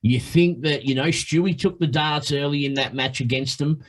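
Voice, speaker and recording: Excitable darts co-commentator. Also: male voice, fairly high pitch, normal speed, a little hiss or hum, rough recording. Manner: excitable, swears, teasing banter. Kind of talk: live sports commentary.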